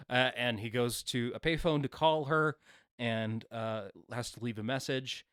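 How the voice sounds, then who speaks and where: A man's voice: medium pitch, unhurried, a bit bright, clear, resonant tone, no echo, clean studio sound. A man co-hosting a movie podcast, recapping the plot in a laid-back, casual way. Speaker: podcast co-host. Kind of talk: casual movie review chat.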